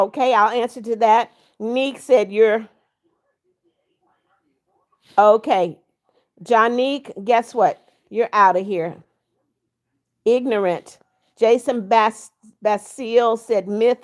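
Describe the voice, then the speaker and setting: A woman hosting a livestream, reading viewer comments aloud and answering them in a firm, blunt way. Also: fairly high pitch. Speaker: livestream host.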